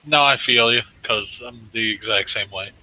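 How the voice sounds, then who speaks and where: A man's voice: on the low side, normal speed, bright, forceful tone, low-quality recording. A man in a casual online voice chat, joking around in a laid-back way. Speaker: gamer in voice chat.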